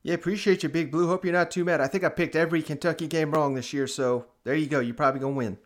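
Man, slightly high voice, podcast host, casual, brief friendly thanks. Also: steady tone, fast talker.

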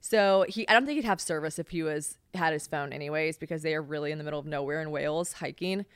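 A young woman hosts her podcast in a smooth, low-set voice, rambling frankly with plenty of fillers and cheerful swearing. She sounds a touch hungover, and the recording is close and dry. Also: fast talker, no room sound. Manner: chatty, frank and profane, with many fillers. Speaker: podcast host. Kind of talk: casual solo podcast chat.

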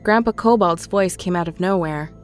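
Woman narrating a horror story calmly. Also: lowish voice. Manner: calm, measured storytelling. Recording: faint music underneath.

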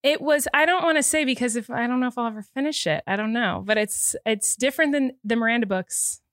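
Teary, animated woman co-hosting a podcast. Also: fairly high pitch, no echo, clean studio sound. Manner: rapid, animated talk broken by laughs. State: tearful and emotional. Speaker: podcast co-host. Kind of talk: casual chat.

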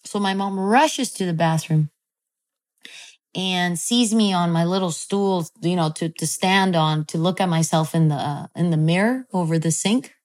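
A woman telling a personal story in a casual chat, animated and full of fillers. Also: lowish voice, moderate pace.

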